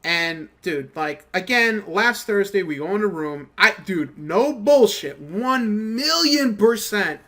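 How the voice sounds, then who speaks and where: A man's voice: high-pitched, lively intonation, slow pace, few pauses, bright, forceful tone. A young man casually ranting about work while playing a game, profane and slangy, telling stories with quoted back-and-forth. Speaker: gaming channel host. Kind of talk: casual commentary over gameplay.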